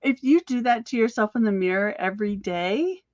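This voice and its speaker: A woman giving an energetic, encouraging motivational talk as a business coach, talking fast. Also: mid-range voice, no echo, muffled recording.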